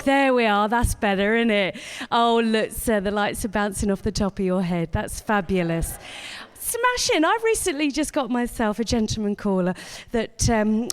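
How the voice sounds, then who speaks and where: A woman compering a live comedy night, brash and sweary as she teases the audience on a stage microphone. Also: mid-range voice. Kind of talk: stand-up crowd work.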